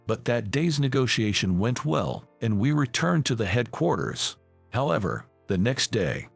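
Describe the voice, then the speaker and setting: Faint, soft music sits under this first-person story, read in a scripted, measured way. The male narrator's voice is gravelly and mid-pitched, rising and falling expressively.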